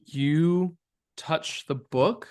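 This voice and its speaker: A man narrating as game master of a tabletop game, halting and full of fillers. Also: a little high, darkish tone, clean tone. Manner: halting, many fillers and restarts.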